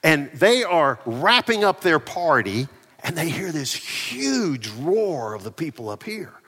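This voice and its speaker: A man preaching a sermon, swinging between loud emphasis and quiet asides. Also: a little high, big pitch swings, slow pace. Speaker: pastor. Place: church near ball fields and a parking lot. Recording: echoey church hall.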